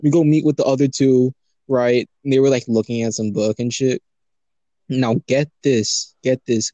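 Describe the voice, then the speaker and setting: A man's voice: medium pitch, little pitch movement, normal speed, mellow, dry recording. A young man in casual chat, rambling and stammering as he tells a story, swearing and laughing often. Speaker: friend telling a story.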